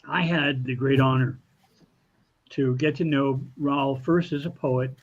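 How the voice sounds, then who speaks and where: A man, a poet, giving a thoughtful spoken tribute over a video call, halting and repeating words. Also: medium pitch, steady tone, dull audio. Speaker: poet and show producer.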